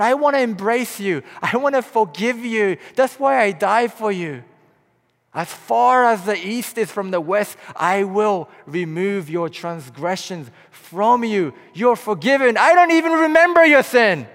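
A man preaching a sermon as pastor, impassioned, swinging between hushed, low passages and loud, rising appeals. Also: measured pace. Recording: long hall reverb.

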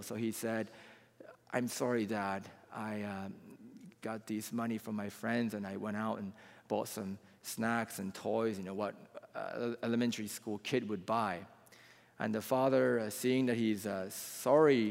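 A man preaching a sermon, telling a story and then building to loud, impassioned appeals. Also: medium pitch. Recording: long hall reverb, faint music.

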